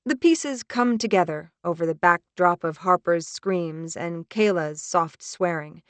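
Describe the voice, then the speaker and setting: A woman narrating a suspenseful first-person audiobook in a tense, measured reading. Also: fairly low pitch, clear, resonant tone, dry recording.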